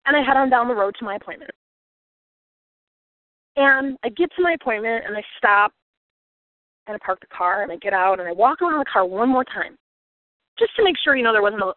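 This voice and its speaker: A woman's voice: medium pitch, no room sound. A woman telling a personal story and turning it into a motivational lesson, earnest and reflective, at times getting emotional. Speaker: speaker on a coaching call. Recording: tinny phone-like line, dry.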